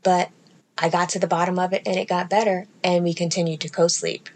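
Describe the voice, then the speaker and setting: A woman in her thirties, a podcast co-host talking in casual chat, blunt and profane, with bursts of loud laughter. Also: on the low side, level tone, fairly quick.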